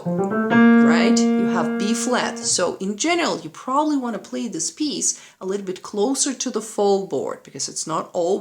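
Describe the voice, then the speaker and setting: A woman piano teacher giving a play-along lesson, patiently explaining and counting rhythms aloud, with a piano playing behind her. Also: medium pitch. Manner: patient, checks in with "right?" often; counts and sings rhythms aloud while demonstrating. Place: room with a piano.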